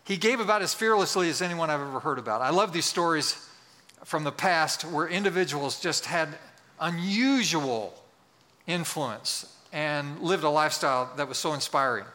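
A man's voice: fairly high pitch, expressive, normal speed, sharp tone. A man preaching a sermon to his congregation, earnest and leading them in call-and-response. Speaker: pastor. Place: church sanctuary. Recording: church hall with long reverb.

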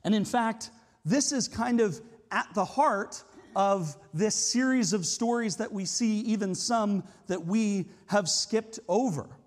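A man's voice: sits high, takes it slowly. A man preaching a sermon as a pastor, talking in a conversational, explanatory way with frequent hedging asides. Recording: long hall reverb.

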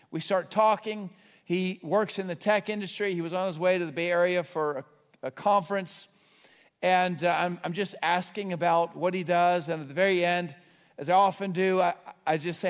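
A man preaching a sermon, telling stories with quick restarts and swelling to excited shouts at the high points. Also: long reverb tail.

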